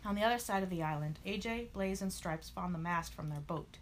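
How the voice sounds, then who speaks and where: A woman narrating a children's storybook aloud in an expressive, animated way. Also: on the low side, brisk, few pauses, slight background noise.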